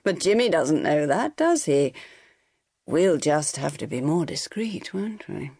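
A woman voicing a charming young gentleman who murmurs softly and teases. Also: deep voice, big pitch swings, a little slow, gravelly, husky, no echo, clean studio sound, full character voice. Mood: soft teasing. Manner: soft, murmuring, teasing. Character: charming, teasing young gentleman landowner's son.

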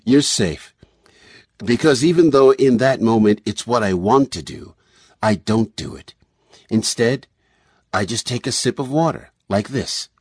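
A man voicing a calm, confident male brain surgeon who explains in a measured way. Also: medium pitch, husky, no room sound, clean studio sound.

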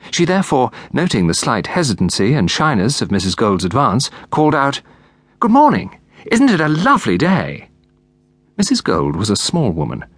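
A man narrating an audiobook in a measured, expressive reading. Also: lowish voice, slightly rough, no room sound. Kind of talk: scripted narration.

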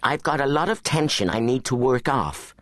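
A woman's voice: a bass voice, lively intonation, moderate pace, dry recording, studio quality, pitched above the performer's own voice. A man voicing a tough, scornful teenage girl spy who is itching for a fight, in an audiobook. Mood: eager, cocky. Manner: cocky and scornful.

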